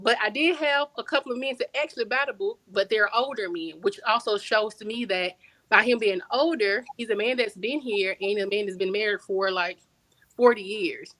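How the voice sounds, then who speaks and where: A woman's voice: mid-range voice, a bit bright, no echo, rough recording. Emphatic woman author, dry close sound. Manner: emphatic, repeats words for stress; storytelling, conversational slang. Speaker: guest author. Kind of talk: casual podcast interview.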